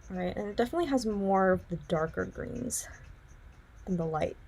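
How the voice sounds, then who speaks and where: A woman's voice: medium pitch, lively intonation, normal speed, vocal fry, mellow. A young woman teaching digital drawing, talking casually and thinking aloud as she works. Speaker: art instructor. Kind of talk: casual drawing tutorial narration.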